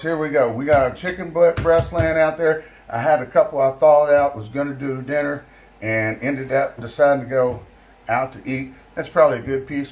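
A man's voice: medium pitch, a little hiss or hum. A man hosting a casual how-to fishing video, chatty and folksy as he talks to viewers. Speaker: fishing channel host. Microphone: camera mic, filmed by a helper.

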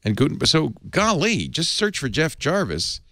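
A man's voice: fairly high pitch, sing-song, normal speed, bright, forceful tone, dry recording, clean studio sound. A middle-aged man hosting a tech talk show, chatting casually and reading an ad with restarts and asides. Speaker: podcast host.

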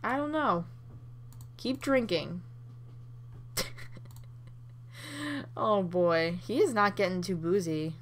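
A young woman hosting a Let's Play, reacting with excited laughs and swearing as she plays. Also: lowish voice, takes it slowly, long pauses, slight background noise. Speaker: gaming channel host.

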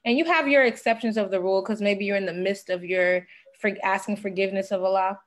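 A woman's voice: medium pitch, fairly even intonation, fast talker. A young woman speaking as a podcast guest, sharing an earnest personal testimony and fighting back tears.

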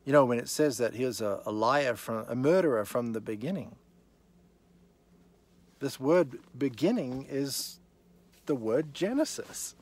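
A man's voice: mid-range voice, lively intonation, measured pace, pauses often, a little mellow. A man teaching the Bible in an evening session, reading scripture aloud and stressing his points with rhetorical questions.

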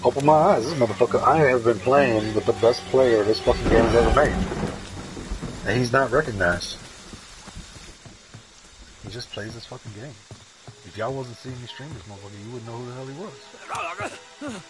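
A man streaming a horror game, talking casually and excitedly with lots of swearing as he hypes up another player. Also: mid-range voice, moderate pace, long pauses, poor audio. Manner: excitable, profane, hyping a fellow player. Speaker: gaming streamer. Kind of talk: casual gameplay commentary. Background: game music.

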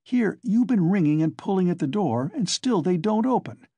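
A man's voice: high voice, lively intonation, moderate pace, mellow, slightly rough, dry recording, pitched above the performer's own voice, full character voice. A man reading the part of an impatient, grumbling middle-aged visitor waiting at a locked door, as an audiobook reader.

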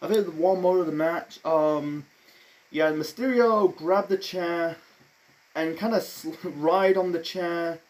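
A man's voice: on the high side, measured pace, darkish tone. A man giving a casual solo review of a wrestling event, rambling with many fillers and restarts, blunt and offhand.

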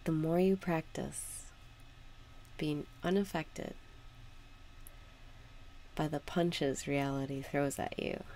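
A woman guiding a meditation with calm, unhurried spoken instructions. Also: low voice, slight background noise. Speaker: meditation guide. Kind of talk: guided meditation.

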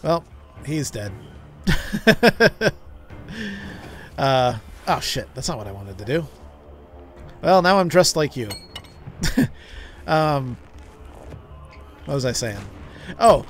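A man's voice: on the high side, very animated, slow pace, pauses often, fairly bright tone, soft background music. A man streaming a game, telling a long story in a rambling way with many restarts. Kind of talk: casual gameplay commentary.

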